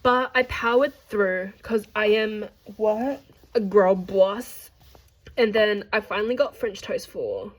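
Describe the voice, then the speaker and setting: A woman's voice: mid-range voice, animated, measured pace, few pauses, low-quality recording. A young woman from Australia narrating a casual travel vlog, chatty and jokey, talking straight to her viewers. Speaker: vlogger.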